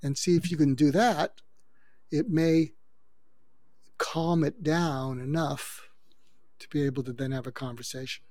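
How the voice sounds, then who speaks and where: A man's voice: a little high, unhurried, pauses often, a little mellow, no echo, studio quality. An older man, a guest expert, explaining how to handle conflict in a coaching, advice-giving way. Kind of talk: advice-giving interview talk.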